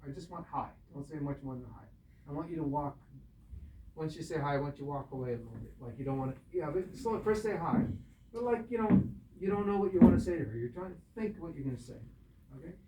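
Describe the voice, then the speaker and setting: A man's voice: fairly high pitch, lively intonation, quick pace, background noise. A man coaching an actor through a scene, giving patient, step-by-step directions from behind a mask. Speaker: acting coach. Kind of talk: directing an acting exercise. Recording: roomy echo, distant mic.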